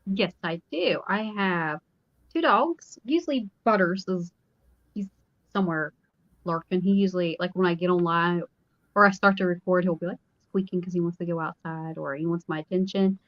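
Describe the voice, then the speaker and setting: A woman's voice: lowish voice, normal speed, no room sound. Giggly middle-aged woman, muffled audio. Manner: giggly, rambling storyteller. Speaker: guest. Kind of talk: casual chat. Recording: dull, slightly muffled audio.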